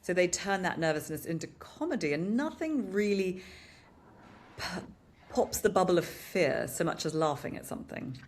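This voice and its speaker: A woman's voice: fairly low pitch, normal speed, slight background noise. A British woman co-hosting a podcast, chatting casually and with animation about advertising, often saying "you know". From Britain. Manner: animated, upbeat commentary with frequent "you know". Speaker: podcast co-host. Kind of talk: casual marketing discussion.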